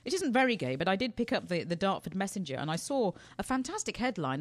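A woman's voice: mid-range voice, big pitch swings, quick pace, dry recording. A woman chatting as co-host, dry and self-deprecating, often breaking into giggles. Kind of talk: casual comedic chat.

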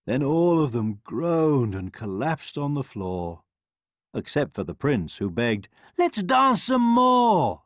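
A man reading a rhyming bedtime story aloud in a sing-song, expressive way. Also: mid-range voice, slow pace, dry recording, clean studio sound. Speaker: narrator.

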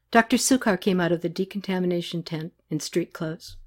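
A woman narrating a novel aloud in an even, unhurried way. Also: fairly low pitch.

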